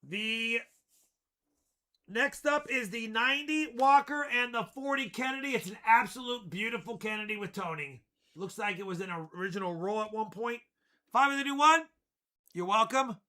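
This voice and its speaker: A man hosting a live coin auction stream, joking around and shouting out countdowns and winners. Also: high voice, normal speed. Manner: jokey, loud countdowns and shouted calls. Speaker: livestream coin auction host. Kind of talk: energetic live auction patter.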